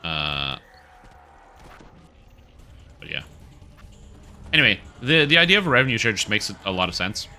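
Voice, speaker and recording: A male game streamer who rambles through his thoughts with plenty of fillers as he plays. His voice sits low but sounds very bright and forceful. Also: big pitch swings, moderate pace, pauses often, soft background music. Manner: chatty, rambling with many fillers. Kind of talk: casual gaming commentary.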